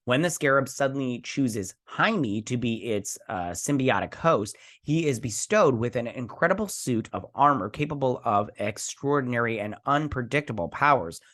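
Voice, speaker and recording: A man's voice: mid-range voice, a bit bright. Rambling chatty male show host. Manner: chatty, rambling, trips over names. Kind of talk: casual news recap.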